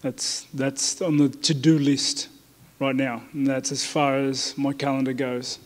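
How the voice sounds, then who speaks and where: A man's voice: medium pitch, level tone, unhurried. A man with an Australian accent answering reporters at a media day, blunt and laid-back, often saying mate. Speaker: fighter interviewed by press. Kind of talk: casual press interview. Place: media day press area indoors. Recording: reverberant media room.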